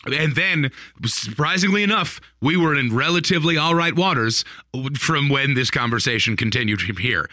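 A married man casually telling a funny story on a podcast, animated, laughing often, with plenty of fillers. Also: fairly high pitch, moderate pace, no room sound, clean studio sound. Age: adult, married. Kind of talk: casual chat.

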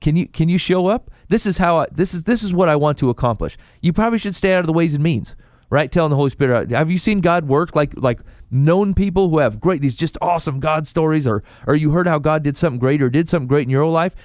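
A man on a faith podcast, chatting casually and telling stories with animated quoted asides. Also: a little high, fast, dry recording, clean studio sound. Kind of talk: casual chat about faith.

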